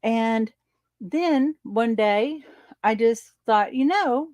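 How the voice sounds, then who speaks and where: A woman teacher telling a personal story in an animated way, acting out the exchanges and laughing often. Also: on the high side, extremely slow, no room sound. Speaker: spiritual teacher. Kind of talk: storytelling monologue.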